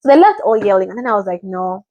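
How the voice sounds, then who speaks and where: A woman's voice: on the high side, big pitch swings, racing, warm tone, dry recording, lo-fi sound. Chatty rambling woman from Africa. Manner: rambling, chatty, often mimics what others said. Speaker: reality show reactor. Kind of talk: casual chat.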